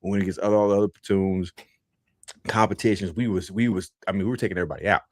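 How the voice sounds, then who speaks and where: A man's voice: very fast, dry recording, clean studio sound. A man telling a story casually on a podcast, often restarting and repeating himself, and acting out quoted lines with big jumps in his voice. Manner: animated, acts out quotes with big pitch jumps. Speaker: podcast host.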